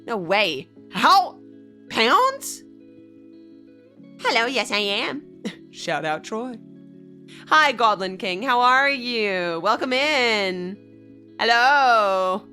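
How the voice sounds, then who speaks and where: Over soft background music, a young woman from Australia hosts a casual livestream, chatting bubbly and giggly with her viewers. Her voice is on the high side with lively intonation, bright and forceful, and she takes things slowly.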